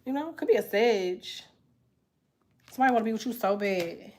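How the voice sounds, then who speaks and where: A woman's voice: fairly high pitch, lively intonation, normal speed, darkish tone. A young woman tarot reader on a casual livestream, chatting bluntly and profanely while she answers comments, congested from a sinus infection.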